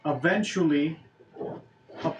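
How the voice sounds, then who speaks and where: A man narrating as game master in a casual, halting way, with frequent fillers. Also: fairly high pitch, highs cut off. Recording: echoey room with faint ambient noise.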